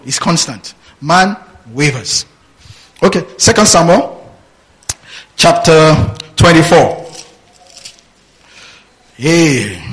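A man preaching a sermon, reading verses aloud and stopping to ask his listeners what comes next. His voice sits somewhat high for a man, and he takes his time over every phrase. He laughs often and asks rhetorical questions. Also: fairly bright tone, rough recording. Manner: reads scripture aloud and prompts the congregation with "what?". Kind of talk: sermon, Bible teaching.

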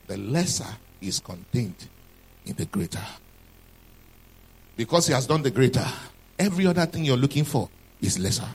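A male preacher delivering a sermon, his husky voice swooping between high and low as he drives each point home. He keeps checking in with the congregation through questions and hammers phrases again and again for emphasis. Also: sing-song, moderate pace, long pauses, darkish tone, rough recording. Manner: emphatic, asks the congregation questions and repeats key lines.

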